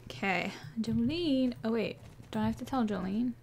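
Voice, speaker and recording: A chatty woman with a fairly high voice gives casual play-by-play commentary on a horse-riding game. She giggles often and talks to herself, and her voice is slightly hoarse. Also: expressive, takes it slowly, pauses often, a little mellow. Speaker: gaming YouTuber.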